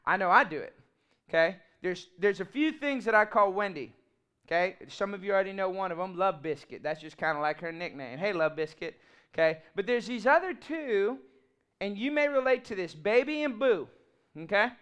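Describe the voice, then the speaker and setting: A man, preaching a sermon in an animated, humorous and emphatic way. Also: high-pitched, moderate pace, clean tone, muffled recording. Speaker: pastor.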